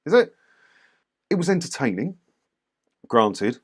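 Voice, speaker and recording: A man's voice: medium pitch, big pitch swings, takes it slowly, husky. A man casually commenting on doorstep clips for his channel, blunt and mocking. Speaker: YouTube commentator reviewing clips.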